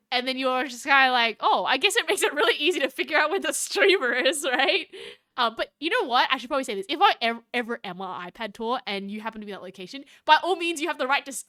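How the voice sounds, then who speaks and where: A woman's voice: on the high side, pushed and bright. A young Australian woman chatting casually on a live stream, giggly and reading chat aloud. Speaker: VTuber streamer.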